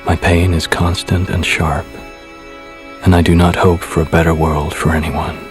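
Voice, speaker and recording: A man's voice: low-pitched, little pitch movement, normal speed, music in the background, lightly acted. A man playing a cold, indifferent killer who confesses in a detached, icy way.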